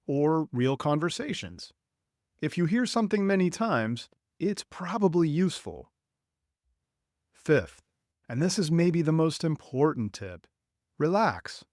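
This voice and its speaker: A man gives a measured, unhurried podcast lesson to English learners, his pitch rising and falling expressively. His delivery is clear and deliberate, with plenty of space between phrases. The sound is close and dry, with no room around it. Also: darkish tone, dry recording. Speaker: podcast host and English teacher.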